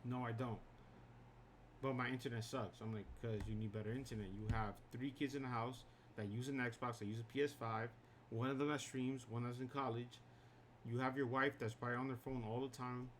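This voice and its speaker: A man's voice: medium pitch, steady tone, a little fast, slight background noise. A man streaming a game, telling rambling work stories in a casual, filler-heavy way. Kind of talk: casual chat while gaming. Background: game music.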